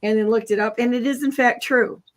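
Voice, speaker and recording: Animated middle-aged woman telling stories. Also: fairly high pitch, brisk. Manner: animated, laughing storyteller, lots of "okay?" and "right?". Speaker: co-host. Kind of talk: casual storytelling.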